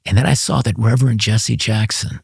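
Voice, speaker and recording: A man with a husky, slightly breathy voice talks as an interview guest, spinning a long anecdote with plenty of energy. He stumbles, restarts, and breaks into laughter as he goes. The sound is close and dry. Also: on the low side, fairly quick, dry recording. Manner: animated anecdote-telling with frequent restarts and laughter; speaks the language of his father's homeland. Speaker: interview guest, former congressman. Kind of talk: storytelling in a conversational interview.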